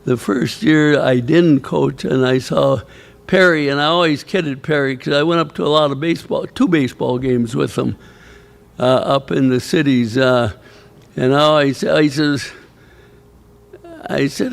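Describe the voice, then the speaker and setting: A man's voice: on the high side, measured pace, creaky. An older man, a retired coach, telling a rambling, chuckling story at a ceremony. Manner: rambling anecdotal storyteller, chuckling, quoting others. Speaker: former coach and inductee. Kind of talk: storytelling speech at an awards ceremony. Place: banquet hall at a ceremony.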